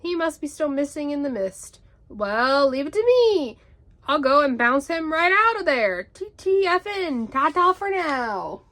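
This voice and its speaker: A whooping, boastful storybook tiger, as a woman puts him on for a bedtime read-aloud. He bounces through his lines in a high, bright voice, loud and cheery. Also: sing-song, unhurried, exaggerated voice. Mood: boisterous.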